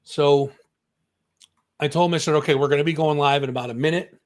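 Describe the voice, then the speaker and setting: Lively man telling a rock story. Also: fairly high pitch, a little fast. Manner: animated storyteller acting out quoted voices. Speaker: co-host of a music talk show. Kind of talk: casual storytelling chat.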